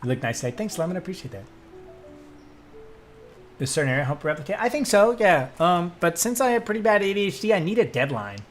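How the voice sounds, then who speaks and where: Excitable young man chatting on stream. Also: high-pitched, fast talker, faint music behind. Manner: excitable, swears casually, trails into tangents. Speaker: streamer and voice actor. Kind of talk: casual live-stream chat, reading chat aloud.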